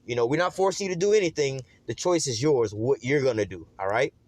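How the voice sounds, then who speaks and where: A man's voice: mid-range voice, expressive, quick pace, darkish tone, dry recording. A man giving an informal, rambling Bible study, reading verses and commenting in streetwise slang with constant fillers. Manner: rambling, streetwise, peppered with "man" and "all right". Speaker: Bible teacher.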